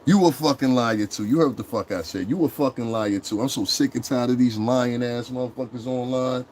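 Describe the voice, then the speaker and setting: A man's voice: medium pitch, a little fast, darkish tone, slight background noise. Man ranting angrily on a livestream. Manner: angry, profane, repetitive ranting. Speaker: online streamer. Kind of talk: livestream rant to chat.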